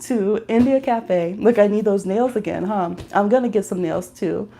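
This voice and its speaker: A woman reading tarot on a casual livestream, soft and nurturing during the cards, then chatty and animated as she tells stories, laughing often and breaking into high squeals. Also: moderate pace, vocal fry, slight background noise. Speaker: tarot reader.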